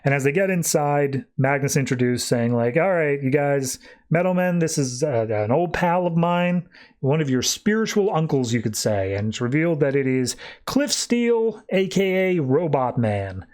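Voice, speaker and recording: A man's voice: a little high, expressive, normal speed, a little mellow. A man hosting a podcast, casually recapping a comic book story and loosely paraphrasing the characters' dialogue with plenty of filler words. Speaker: podcast host.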